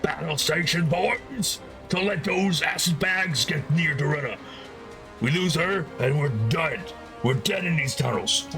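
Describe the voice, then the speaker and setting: A man voicing a gruff deep gnome overseer who barks orders, his voice muffled behind a gas mask, with faint music underneath. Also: unhurried. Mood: furious. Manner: barking orders in a shout.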